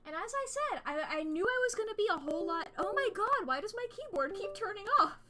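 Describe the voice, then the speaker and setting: High-pitched woman streamer, chatty and swears a lot, faint hum behind her. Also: brisk. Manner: excitable, swears freely, rambling. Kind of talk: casual gameplay commentary.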